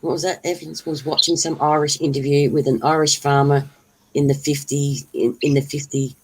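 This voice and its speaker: Husky-voiced chatty woman. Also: low-pitched, steady tone, normal speed, poor audio. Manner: chatty, laughing, exclamatory. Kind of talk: casual chat.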